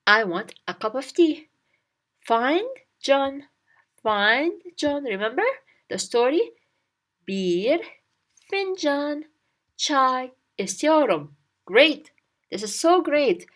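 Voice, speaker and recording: A woman's voice: high-pitched, sing-song, takes it slowly, long pauses, a bit bright. A woman teaching a spoken language lesson, encouraging and drilling words again and again with little memory stories.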